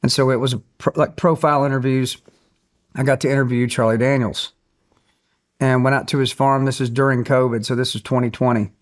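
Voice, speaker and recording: A man's voice: mid-range voice, little pitch movement, fairly quick. Earnest man telling stories. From Tennessee, USA. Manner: earnest storyteller, acts out quotes. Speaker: guest, country singer. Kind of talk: podcast interview storytelling.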